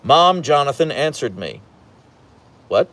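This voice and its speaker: A man's voice: a little high, sing-song, slow, fairly bright tone. A man hosting a casual livestream from home, reading out the chat and rambling playfully, slipping into voices when he retells stories.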